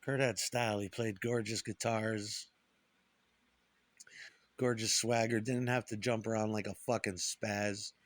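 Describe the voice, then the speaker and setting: A man's voice: on the low side, flat delivery, unhurried, pauses often, dry recording. A middle-aged man talking bitterly and profanely in a rambling monologue about guitar and his past. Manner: profane, bitter, puts on voices for quoted people.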